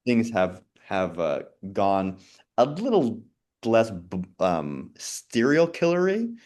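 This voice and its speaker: A man on a video call in a casual quiz chat, thinking aloud, muttering softly while he recalls answers and laughing often. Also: fairly low pitch, huge pitch swings, slow. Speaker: quiz co-host.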